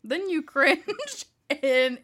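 A woman's voice: high voice, big pitch swings, drawn-out words, a bit bright. A young woman co-host, teasing and giggling as she reacts and reads aloud. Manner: giggly, teasing, laughs often. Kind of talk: casual banter and mock reading.

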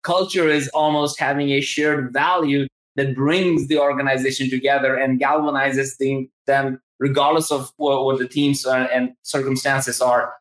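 Male host, Southern accent, excitable and rambling, live-stream chat on a video call. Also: mid-range voice, moderate pace, few pauses. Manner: enthusiastic, rambling, many restarts and fillers. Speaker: podcast host. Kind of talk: casual live-stream interview. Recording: roomy, echoey room sound.

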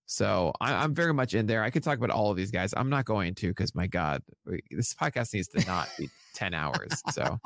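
A man's voice: fairly low pitch, big pitch swings, moderate pace, creaky, hardly any pauses, fairly bright tone, no room sound, studio quality. A man co-hosting a fantasy baseball podcast, talking in a casual, enthusiastic and jokey way.

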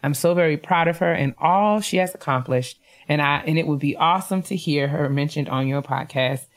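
A woman's voice: low voice, fairly quick. A woman co-hosting a casual podcast, reading listener emails and congratulating graduates with easy laughter. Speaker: podcast co-host.

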